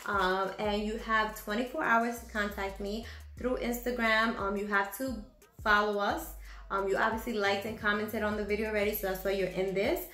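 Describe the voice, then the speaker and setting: A woman's voice: mid-range voice, fairly even intonation, moderate pace, sharp tone. Chatty woman vlogging in an echoey room. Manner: rambling, many fillers, laughs at own jokes. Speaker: channel host. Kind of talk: casual vlog chat.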